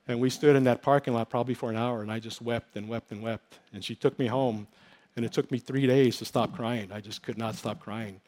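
A man's voice: medium pitch, darkish tone. Earnest man preaching his testimony. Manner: earnest, emotional storytelling with many fillers. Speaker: pastor. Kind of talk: testimony sermon.

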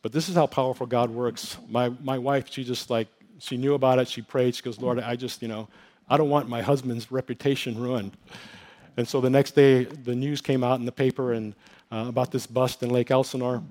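A man's voice: medium pitch, steady tone, a little fast, darkish tone. A middle-aged male pastor giving an earnest, emotional testimony in a sermon, telling his story with many fillers and restarts.

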